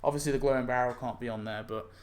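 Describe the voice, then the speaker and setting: A man's voice: mid-range voice, fairly even intonation, fast talker, darkish tone. A young man talking casually through a mobile game event idea, rambling with lots of "like" and self-corrections. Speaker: game YouTuber. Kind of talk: casual commentary on a game concept.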